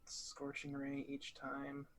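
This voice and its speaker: A man's voice: medium pitch, monotone, slow, a bit bright. A man playing a tabletop game over a voice call, hesitant and laughing at his own slips. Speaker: player. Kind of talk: casual tabletop play.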